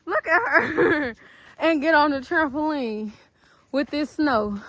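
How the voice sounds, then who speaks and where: A woman's voice: sits high, lively intonation, slow, fairly bright tone, no room sound. A young woman talking casually to her viewers in a family vlog, chatty and laughing often, filmed on a handheld phone. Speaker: vlogger. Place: outdoors in snow and at home. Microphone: handheld phone camera.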